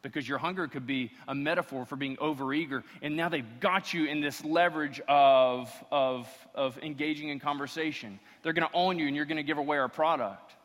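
A man preaching with a bright, sharp voice that sits a little high for a man. He delivers an animated sermon and fires off joking rhetorical questions. His voice carries a long reverb through a church sanctuary. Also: a little fast, few pauses. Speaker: pastor. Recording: long reverb of a large hall.

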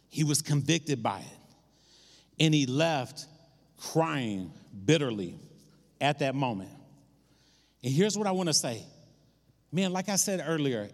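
A man preaching a sermon, retelling scripture in an animated storytelling way and acting out the voices of its people. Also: a little high. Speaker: pastor. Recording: long hall reverb.

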